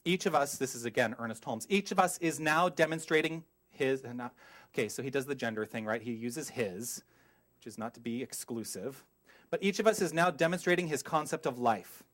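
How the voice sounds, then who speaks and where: Fairly quick and mid-range in pitch, this middle-aged minister delivers a lively, emphatic sermon. He poses questions to his listeners and drifts into tangents.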